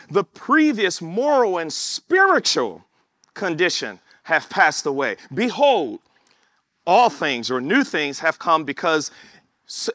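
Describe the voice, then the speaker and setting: A man preaching a sermon, in a conversational way, dropping to low asides and rising to excited, shouted lines. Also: dry recording, clean studio sound. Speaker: pastor.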